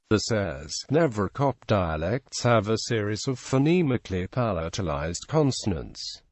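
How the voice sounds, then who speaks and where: A male narrator reads an encyclopedia article aloud in an even, mechanical manner. He moves through long lists of names at the same steady rate. His voice sits at a middling pitch and sounds close and completely dry, with no room around it. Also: no room sound.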